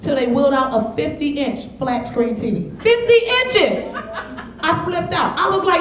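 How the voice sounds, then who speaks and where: A brash woman from Michigan does stand-up, loud and baiting the audience. Her voice is high and bright. The room is echoey, and a lively club crowd is heard behind her. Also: moderate pace. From Flint, Michigan, US. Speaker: stand-up comic. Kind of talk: stand-up comedy set.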